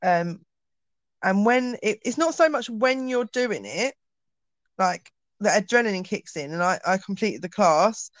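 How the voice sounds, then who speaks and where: A woman's voice: mid-range voice, expressive, measured pace, no room sound. A woman, telling a personal story as an interview guest in a chatty way, acting out dialogue with frequent ums.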